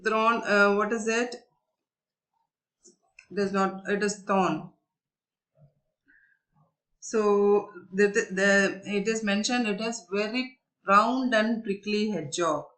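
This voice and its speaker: A woman's voice: mid-range voice, steady tone, slow pace, pauses often, a bit bright. A woman teacher explaining a story to young children, repeating herself, searching for words and asking them questions.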